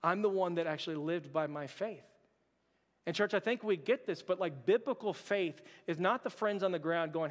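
A male pastor preaches with a lively, humorous storytelling manner, sometimes sinking to a near-whisper for his own inner thoughts. His voice sits fairly high for a man. It rings out in a church hall with a long, trailing reverb. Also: moderate pace. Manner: animated and humorous, drops to a hushed voice for quoted thoughts. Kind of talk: sermon with personal storytelling. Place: church sanctuary.

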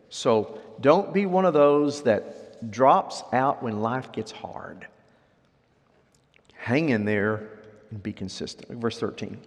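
A man preaching a sermon as pastor. He swings from loud, high outbursts down to quiet, low endings, and he voices imagined objectors in a raised pitch. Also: husky, long reverb tail.

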